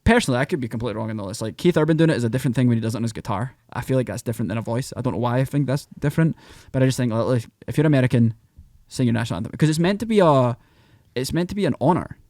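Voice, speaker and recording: A man with a Scottish accent, a podcast guest who talks in animated, rambling bursts. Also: medium pitch, very fast, hardly any pauses, dry recording, clean studio sound. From Scotland. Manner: animated, rambling, breaks into mock voices. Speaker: podcast guest, country singer. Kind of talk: casual podcast chat.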